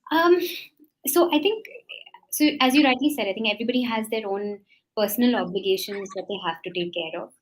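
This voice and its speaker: A woman's voice: mid-range voice, a little hiss or hum, low-quality recording. Thoughtful Indian woman founder on a panel. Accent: Indian English. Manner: thoughtful, measured, frequent ums. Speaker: startup founder guest. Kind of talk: webinar panel discussion.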